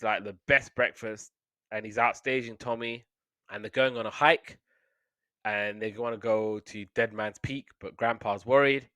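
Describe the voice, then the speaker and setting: A man's voice: mid-range voice, bright, forceful tone, smooth, dry recording. A man hosting a podcast, casually recapping a cartoon episode in a rambling way, leaning on "obviously" and "like". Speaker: podcast host.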